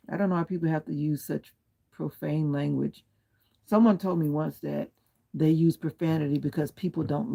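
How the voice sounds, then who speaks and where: A man's voice: a little high, creaky, warm tone, breathy edge. A man hosting a casual livestream, chatting from home and answering viewer comments one by one, firm but polite about keeping the language clean. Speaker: livestream host. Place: at home, lying back with pillow and comforter.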